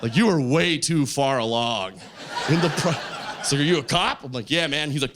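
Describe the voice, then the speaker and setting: A man doing stand-up storytelling on a comedy stage, acting out the voices in his stories loudly. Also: fairly high pitch, normal speed. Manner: animated, acts out quoted voices loudly. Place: comedy stage with a live audience. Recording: live club show, faint crowd noise.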